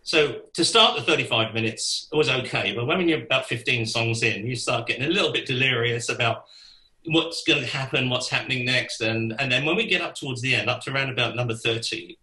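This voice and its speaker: A man, telling a lively anecdote as a podcast guest, laughing and swearing casually as he goes. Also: medium pitch, echoey room, low-quality recording. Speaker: guest musician. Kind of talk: anecdotal storytelling.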